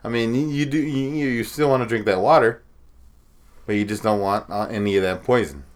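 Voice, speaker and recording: A man's voice: mid-range voice, fairly quick. A man co-hosting a podcast in casual chat, profane and trash-talking, laughing often. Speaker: podcast co-host.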